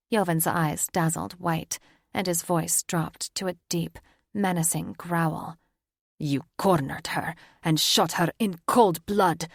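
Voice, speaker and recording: Gravelly woman narrating an audiobook. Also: on the low side, no room sound, clean studio sound. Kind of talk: scripted narration.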